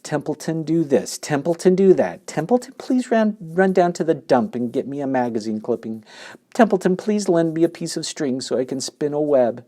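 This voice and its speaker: A man's voice: a little high, sing-song, moderate pace, dark tone, voice pushed up. A man voicing a lazy, selfish male rat who grumbles and mocks sarcastically. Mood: sarcastic. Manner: sarcastic, mocking.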